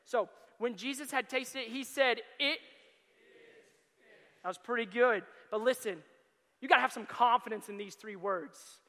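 A young adult man preaching as a youth pastor, telling stories with animation and bursting into loud excited quotes. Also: very high-pitched, normal speed. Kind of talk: sermon. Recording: long hall reverb.

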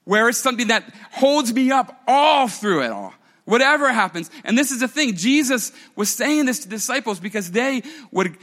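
A male pastor delivers an animated sermon, talking to his congregation like friends and dropping playful asides. His voice sits high and bright. It sounds like he is preaching in a church. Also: normal speed, hardly any pauses, big-room sound.

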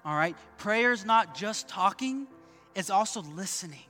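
A man's voice: sits high, expressive, a little slow, sharp tone, soft background music. A male pastor preaching a sermon at a church service, emphatic, repeating key points and calling out to the congregation.

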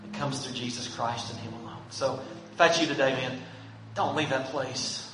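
A man's voice: mid-range voice, steady tone, moderate pace, fairly bright tone, far from the mic. Male pastor, earnest and pleading, heard from afar in a reverberant sanctuary with faint background hum. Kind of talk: sermon. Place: church sanctuary. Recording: echoey church room from afar, faint hum.

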